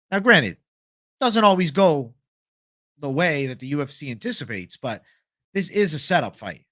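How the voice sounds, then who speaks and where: Young male stream host, slightly high pitch, dry close mic, loose profane chat. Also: a bit bright, no room sound. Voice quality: casual, profane, reads chat aloud. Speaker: MMA livestream host. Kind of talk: casual livestream fight picks chat.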